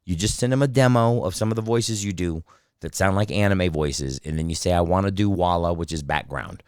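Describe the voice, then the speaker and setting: A man on a podcast as a guest voice actor, chatting casually and telling profane stories with quick impressions. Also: sits low, smooth, no echo, clean studio sound. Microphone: studio mic.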